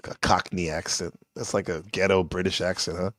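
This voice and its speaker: A man's voice: deep voice, flat delivery, a little fast, no room sound, studio quality. A man hosting a reaction video, chatting casually and loosely in slangy everyday speech, chuckling now and then. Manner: laid-back, slangy, chuckles while talking. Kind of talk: casual commentary over an old clip.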